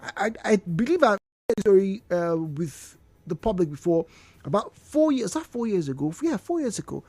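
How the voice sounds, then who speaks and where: A woman's voice: mid-range voice, moderate pace, no room sound. A Nigerian woman hosting a radio call-in talk show, telling stories with emphatic repetitions. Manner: animated storyteller, emphatic repetitions. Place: radio studio. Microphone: studio microphone.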